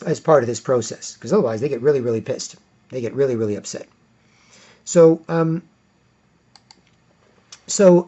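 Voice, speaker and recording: A man's voice: mid-range voice, mellow, husky. A man with a Canadian accent rambling through an opinion monologue, repeating himself, tagging lines with "right?" and acting out the voices of people he quotes. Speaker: vlogger. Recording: dull lo-fi sound.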